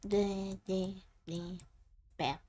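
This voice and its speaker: A woman's voice: medium pitch, drawn-out words. Woman game master, laid back, describing the scene and asking what everyone does. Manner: relaxed, descriptive prompts. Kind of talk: narrating a tabletop game.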